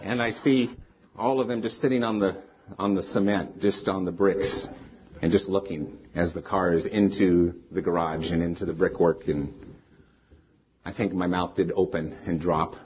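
A man's voice: deep voice, fairly even intonation, normal speed, slight background noise. A middle-aged man preaching a sermon as a pastor, earnest and conversational, weaving in personal stories. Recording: slightly dull lo-fi sound.

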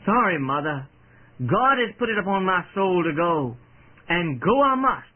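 A man's voice: high-pitched, big pitch swings, unhurried, full character voice. A man voicing a brave, devout young fisherman with an earnest, firm delivery. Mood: resolute. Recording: tinny old radio broadcast.

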